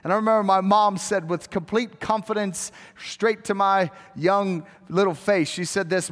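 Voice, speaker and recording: A man's voice: high-pitched, fairly even intonation, moderate pace, hardly any pauses. A man in his thirties, a pastor, preaching a sermon in a church, chatty and self-deprecating with story asides, rising to fervent appeals. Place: church sanctuary. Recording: long reverb of a large hall.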